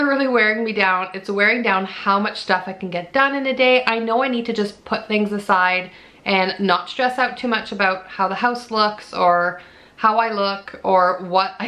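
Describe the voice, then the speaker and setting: A woman's voice: medium pitch, a bit bright. A woman in her thirties giving a candid, chatty pregnancy update from home, filmed on her own camera. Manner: chatty and candid, frequent "like" and "you know". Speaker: vlogger. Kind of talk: casual pregnancy update vlog. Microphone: camera mic.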